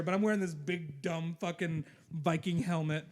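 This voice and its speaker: A man's voice: on the high side, moderate pace. Blunt podcast co-host man. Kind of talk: casual chat.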